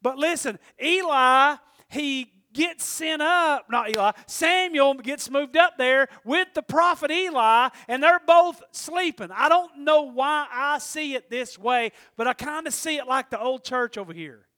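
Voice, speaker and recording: A middle-aged man preaching a sermon, excitable, swinging between shouting and hushed talk. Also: very high voice, unhurried, hardly any pauses, no room sound, studio quality.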